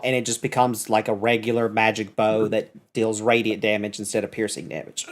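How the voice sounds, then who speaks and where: A man's voice: on the low side, level tone, fairly quick, few pauses. Man, dungeon master, explains game rules, rereads and corrects himself.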